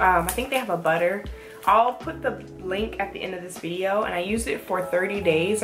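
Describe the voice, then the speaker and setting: Chatty woman reviewing hair products. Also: medium pitch. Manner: chatty, rambling asides. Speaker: natural hair vlogger. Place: indoors at home.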